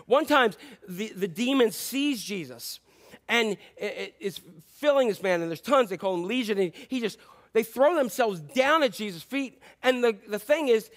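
A man's voice: high voice, lively intonation, normal speed. A pastor preaching a sermon in a chatty, joking way, asking his congregation questions and acting out scripture. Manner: conversational and joking, quizzes the congregation; acts out scripture quotes in playful voices.

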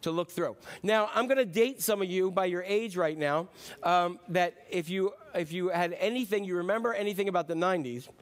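A middle-aged pastor with a high voice preaching in a church. He talks in a loose, chatty way, piles up rhetorical questions and drifts into asides to the congregation. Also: brisk. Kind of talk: sermon.

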